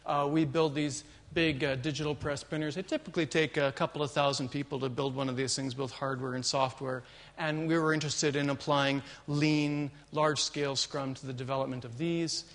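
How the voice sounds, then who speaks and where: A man's voice: on the high side, a little fast. A man giving a conference keynote as an agile consultant, telling an opening joke and then explaining his background with frequent fillers. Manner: animated storyteller, jokes and fillers.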